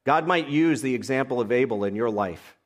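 A man's voice: mid-range voice, animated, fairly quick. Man preaching a sermon. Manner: expository preaching, reading scripture aloud and explaining it. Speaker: pastor.

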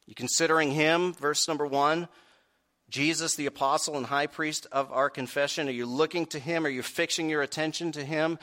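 A man preaching a sermon, asking the congregation direct questions and swinging from quiet earnest stretches to loud raised peaks. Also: on the high side, steady tone, moderate pace. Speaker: pastor.

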